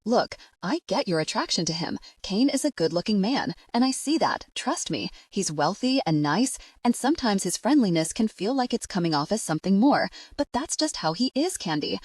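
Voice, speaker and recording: A woman's voice: medium pitch, big pitch swings, normal speed, hardly any pauses, husky, dry recording, distant mic. A woman voicing a distraught, furious middle-aged mother who scolds through tears, pushy and harsh. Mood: pleading.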